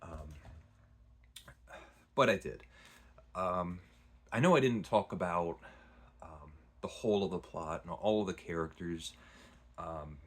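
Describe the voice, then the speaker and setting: A man's voice: low voice, slow, pauses often, husky. A man casually retelling and reviewing a long novel, rambling with frequent restarts. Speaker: book reviewer. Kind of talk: casual book review vlog.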